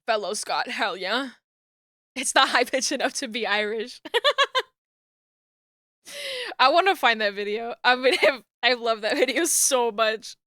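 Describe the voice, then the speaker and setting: A woman's voice: on the high side, lively intonation, a little slow, pauses often, sharp tone, no room sound, clean studio sound. A woman streamer chatting casually while she works, laughing often and swearing lightly. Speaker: streamer and 3D rigger. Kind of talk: casual live-stream chat while working.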